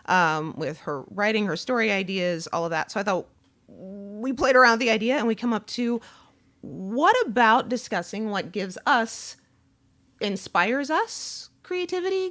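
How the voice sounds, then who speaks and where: Lively, chatty woman hosting a podcast. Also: mid-range voice. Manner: chatty, laughs often, lively delivery. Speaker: podcast host. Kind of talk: casual chat.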